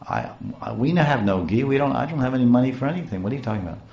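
A man's voice: mid-range voice, animated, very fast, gravelly, a little mellow, highs cut off, pitched above the performer's own voice. A man voicing a poor scholar husband who stammers in bewilderment and speaks fervently. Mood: bewildered. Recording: roomy echo.

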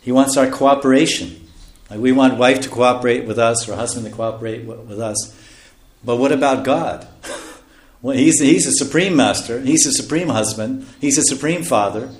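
A man giving a sermon as a spiritual teacher, talking conversationally, chuckling often and dropping into soft asides. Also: mid-range voice, moderate pace, echoey room.

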